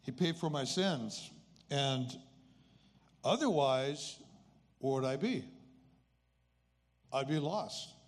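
A man's voice: medium pitch, expressive, slow pace, pauses often. A man in his eighties telling a personal story as a faith testimony in an earnest, conversational way. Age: 80s. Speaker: speaker sharing a personal testimony.

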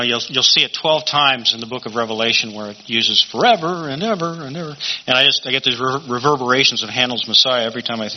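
A man teaching a Bible study in a conversational sermon style, often asking rhetorical questions. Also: mid-range voice. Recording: dull lo-fi recording.

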